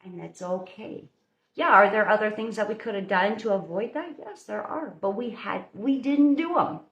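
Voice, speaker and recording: A woman's voice: mid-range voice, normal speed, a bit bright, muffled recording. A woman hosting a live baking stream, giving viewers a chatty, motherly pep talk in her home kitchen. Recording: roomy echo.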